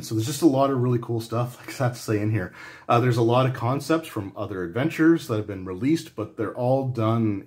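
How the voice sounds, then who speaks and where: A man's voice: mid-range voice, a little mellow. A man giving a casual spoken review of a tabletop game book, talking loosely with frequent restarts and fillers. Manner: conversational, rambling with frequent restarts and "like".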